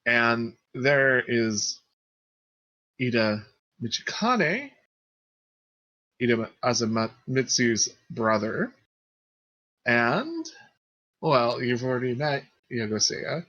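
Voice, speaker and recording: A man's voice: mid-range voice, big pitch swings, drawn-out words, long pauses, bright, forceful tone, dull audio, heavily acted. A man doing a tipsy, polite nobleman. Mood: genial.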